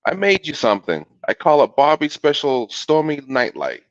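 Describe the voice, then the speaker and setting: A man voicing a confident older brother in a low, cool, matter-of-fact voice. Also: huge pitch swings, normal speed, no echo. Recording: dull lo-fi video call audio.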